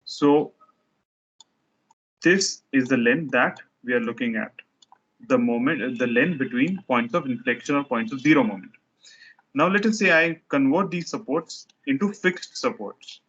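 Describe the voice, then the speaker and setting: A man's voice: mid-range voice, lively intonation, unhurried, a bit bright, slightly rough, lo-fi sound. A man teaching a structures lecture, explaining step by step while he sketches diagrams, often restarting his sentences.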